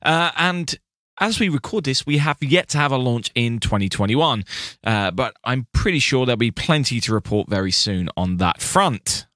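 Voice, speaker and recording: A man's voice: mid-range voice, animated, normal speed, a bit bright, no room sound, clean studio sound. A British man co-hosting a podcast, chatting casually with frequent restarts. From Britain. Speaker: podcast co-host. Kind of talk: casual chat.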